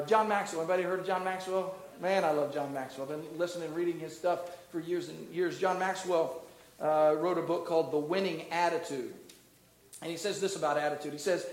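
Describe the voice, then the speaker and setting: A middle-aged man preaching a sermon as a pastor, asking the congregation questions, building to loud emphatic peaks and dropping low and soft. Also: echoey room, low-quality recording. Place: church.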